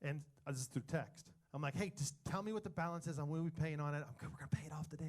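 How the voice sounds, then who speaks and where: A man's voice: fairly high pitch, very fast. A man sharing his story candidly as an interview guest, animatedly acting out conversations.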